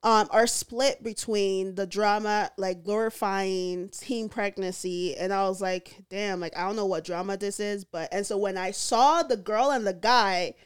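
A woman co-hosting a casual podcast, joking and reacting with loud, expressive exclamations. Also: mid-range voice, a little slow, hardly any pauses, clear, resonant tone, no room sound, clean studio sound. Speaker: podcast co-host. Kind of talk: casual chat.

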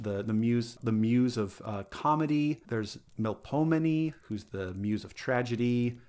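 A man's voice: medium pitch, darkish tone. A man chatting casually on a podcast, explaining eagerly with many fillers and restarts. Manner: enthusiastic, rambling, lots of fillers.

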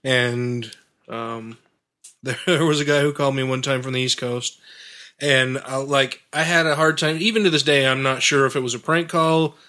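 A man's voice: mid-range voice, steady tone, moderate pace, bright, forceful tone. A man in casual chat, wry and profane.

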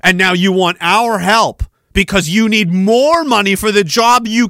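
A man's voice: high-pitched, a little slow, hardly any pauses, sharp tone, no room sound. A man hosting a podcast, ranting about politics in a profane, sarcastic way. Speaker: podcast host.

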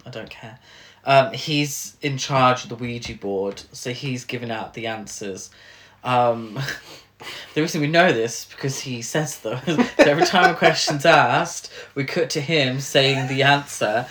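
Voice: medium pitch, unhurried, a bit bright. A podcast co-host chatting casually about a film, hesitant and full of restarts. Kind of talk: casual film recap chat.

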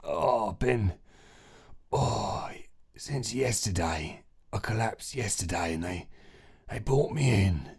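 Guy doing a sick coughing son, weak breathy voice, low. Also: animated, takes it slowly, heavily acted. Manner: breathy and feeble, trailing off. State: coughing and faint.

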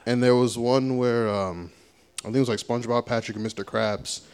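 A man's voice: mid-range voice, fairly even intonation, a little fast, darkish tone, clean tone. A man speaking as a guest in a casual comedy interview, laid-back as he tells a story.

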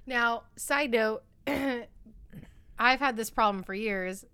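A woman's voice: fairly high pitch, takes it slowly, pushed and bright, clean tone, dry recording. A mother of three in her thirties chatting casually about parenting, joking at her own expense and swearing casually. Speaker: podcast co-host. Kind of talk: casual chat.

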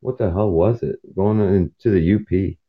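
A man's voice: low voice, normal speed. A man hosting a podcast from his truck cab while driving, telling rambling stories and acting out the voices of people in them. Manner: jumps between topics and acts out quoted voices. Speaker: podcast host. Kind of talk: rambling casual storytelling. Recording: dull lo-fi sound.

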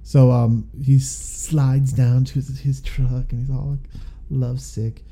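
A man talks through a movie in a loose, rambling podcast chat, tossing in jokey asides. His voice sits in a middle pitch but sounds very dark and mellow. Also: little pitch movement, slow, vocal fry. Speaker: podcast co-host. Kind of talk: casual movie review chat.

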